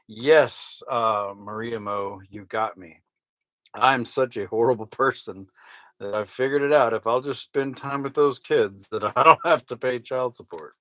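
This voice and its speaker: Sitting in a sailboat's small cabin at night, a man chats casually on a live stream and reads viewer comments aloud with wry mock outrage. His medium-pitched voice is measured and fairly bright, captured in a dry, low-quality recording.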